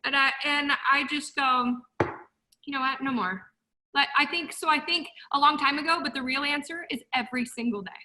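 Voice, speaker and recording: Woman, motivational guest, passionate, blunt, bright tense voice, high-pitched. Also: steady tone, normal speed, slight background noise, rough recording. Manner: passionate, blunt, quotes herself loudly. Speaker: guest speaker. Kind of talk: emotional motivational talk.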